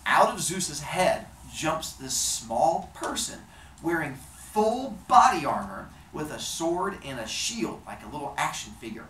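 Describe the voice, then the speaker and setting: A man telling a comic myth in an animated, playful way, hosting his show. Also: on the high side, unhurried, background noise. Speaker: storyteller host. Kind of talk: comic storytelling. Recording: roomy echo.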